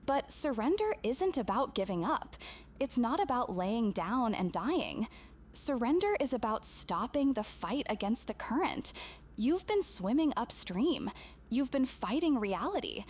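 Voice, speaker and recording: A woman's voice: fairly high pitch, very animated, unhurried, darkish tone, slight background noise. A woman speaking earnestly and intimately to a camera, delivering a channeled spiritual message with emphatic repetition.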